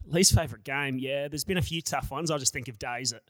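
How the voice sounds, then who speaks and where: Australian man, 30s, fast talker, dry close sound. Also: mid-range voice, a bit bright, no room sound. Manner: reflective, rambling recollection. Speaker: podcast guest. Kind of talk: casual interview.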